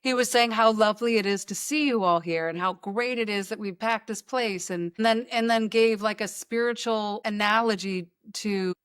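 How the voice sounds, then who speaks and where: A woman hosts a podcast conversation, wandering through anecdotes with a self-mocking, joking streak. Her voice sits at an ordinary pitch. The sound is dry and close, with no room around it. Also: normal speed, hardly any pauses, a bit bright, smooth, no room sound. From United States. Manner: rambling, joking storyteller. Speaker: podcast host. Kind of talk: casual chat.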